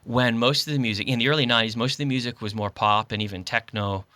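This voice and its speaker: Male interviewer from Canada, bright forward tone, dry close mic, friendly and talkative. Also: mid-range voice, fairly even intonation, fast talker, no room sound. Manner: friendly, chatty questions with frequent agreement. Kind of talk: casual interview chat.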